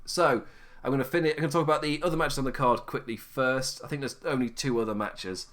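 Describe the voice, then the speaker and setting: A man's voice: mid-range voice, fairly even intonation, quick pace, fairly bright tone. A tired man chatting on his own, rambling, often laughing and correcting himself. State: tired, low energy. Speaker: podcast host. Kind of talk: casual solo wrestling chat.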